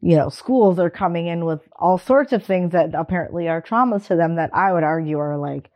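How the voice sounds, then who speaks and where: A woman with a fairly low voice talks bluntly and with emphasis, casually dropping swear words and breaking into laughter. The recording sounds dull and lo-fi. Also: a little fast. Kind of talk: candid conversational talk.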